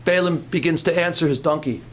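An older man preaching a sermon in an animated, dramatic way, swinging between loud outbursts and hushed passages. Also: a little high, fast talker, a little hiss or hum.

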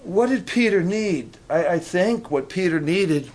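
Man, preacher, high voice, conversational sermon, humorous asides, fervent peaks. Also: lively intonation, unhurried, few pauses, a little mellow. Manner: conversational, rising to fervent emphasis; humorous asides, frequent restarts.

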